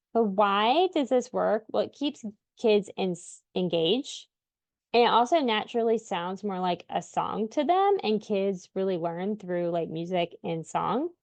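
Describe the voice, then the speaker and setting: A chatty woman in her thirties shares tips as a parent, talking casually and laughing often. Her voice sits at an ordinary middle pitch, and the sound is close and dry with no room echo. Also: a little mellow. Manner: chatty, lots of filler words, laughs often. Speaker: parent of deaf children giving tips. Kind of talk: casual instructional talk to camera.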